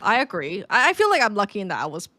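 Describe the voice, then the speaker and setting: A woman co-hosts a casual podcast chat, her pitch rising and falling a lot as she talks. She laughs often and scatters fillers through her sentences. The sound is dry and close. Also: wildly swooping pitch, fast, pushed and bright, no echo. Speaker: podcast co-host.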